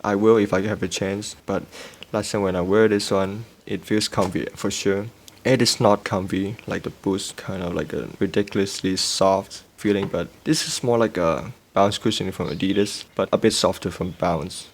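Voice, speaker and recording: Low-voiced man giving a casual sneaker review. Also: a little hiss or hum. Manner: relaxed, halting, with many fillers and restarts.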